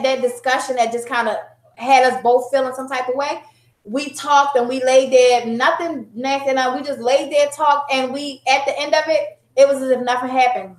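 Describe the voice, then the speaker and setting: A woman in her thirties candidly telling a personal story to an audience, animated and conversational, often laughing. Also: high voice. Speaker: guest sharing a personal story. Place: room before a live audience. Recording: roomy, echoey room.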